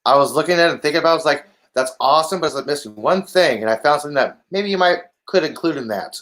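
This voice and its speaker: A man chatting casually on a stream, halting and stumbling through his sentences. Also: a little high, animated, a bit bright. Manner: halting, filler-heavy. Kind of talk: casual chat on a livestream.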